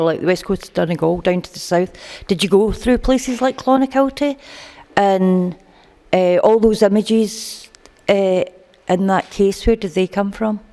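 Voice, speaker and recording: A woman asks the panel a question from the audience, halting and filling pauses as she goes. Her voice carries a long hall reverb. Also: mid-range voice, darkish tone. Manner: hesitant, halting with many fillers. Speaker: audience member asking a question.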